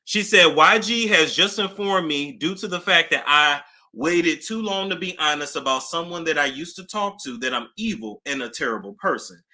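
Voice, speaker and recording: A woman hosting a casual celebrity gossip talk, animated, with nervous laughter and dramatic gasps. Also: deep voice, normal speed, few pauses.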